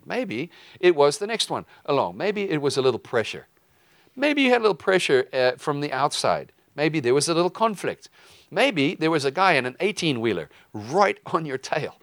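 A man giving a conversational teaching sermon in a lively way, breaking into quoted voices and jokey asides. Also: fairly high pitch, dry recording, studio quality. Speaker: preacher teaching a lesson.

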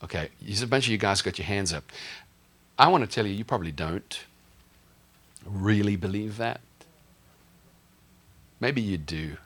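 Man preaching, pastor, chatty and humorous, questions to the congregation, low pitch, bright tone. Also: lively intonation, normal speed, long pauses. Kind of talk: sermon.

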